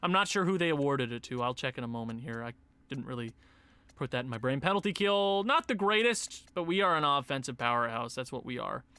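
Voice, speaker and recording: Young male gaming commentator, excitable, bright lively voice, dry close mic. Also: medium pitch, a little fast, clean tone, no room sound. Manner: excitable, swings from muttering to shouting. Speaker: gaming YouTuber. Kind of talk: casual game commentary.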